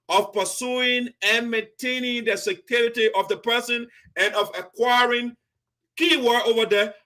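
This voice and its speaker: A man hosting a diaspora talk show, reading out constitutional articles and stressing key words slowly. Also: very high-pitched, a bit bright. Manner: emphatic, slows to stress key words, repeats phrases.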